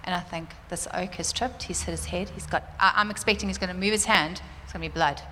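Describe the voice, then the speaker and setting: A woman telling a church congregation a personal testimony, animated and fervent, laughing often. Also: lowish voice, quick pace, a little hiss or hum. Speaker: church speaker sharing a testimony. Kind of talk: sermon testimony. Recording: roomy church hall reverb, faint ambience.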